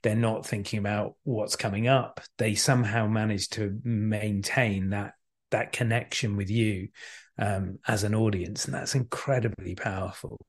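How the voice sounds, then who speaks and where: A man's voice: lowish voice, steady tone, unhurried. A man in his thirties, a podcast guest, talking reflectively and telling anecdotes with many restarts. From England. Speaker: podcast guest, actor and director. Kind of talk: conversational storytelling.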